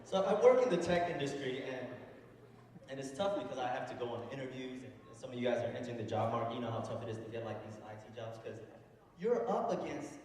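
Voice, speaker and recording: Animated comedian in an echoey hall. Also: male voice, medium pitch, fast. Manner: animated, acts out voices and mock accents. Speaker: stand-up comedian. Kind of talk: stand-up comedy set. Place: large hall before a live audience. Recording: echoey hall, distant mic, noisy. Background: audience laughter.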